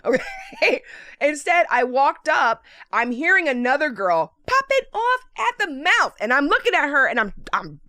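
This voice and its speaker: A woman vlogger telling a story in a casual monologue, animated and profane, often breaking into laughter. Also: sits high, unhurried, dry recording, clean studio sound. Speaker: lifestyle vlogger.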